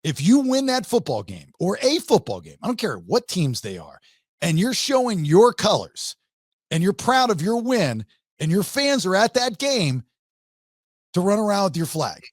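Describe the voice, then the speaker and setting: A man hosting a casual sports podcast, his voice lively and swinging up and down in pitch as he argues. It sits a touch higher than most men's, recorded close and dry with no room sound at all. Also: normal speed, no echo. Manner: animated, rising pitch when making a point. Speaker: podcast host.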